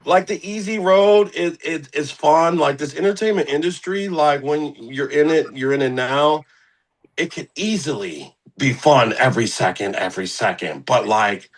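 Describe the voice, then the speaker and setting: A man's voice: on the high side, moderate pace, low-quality recording. A young man from the Philadelphia area, a guest musician in a casual interview, rambling with slang and lots of fillers.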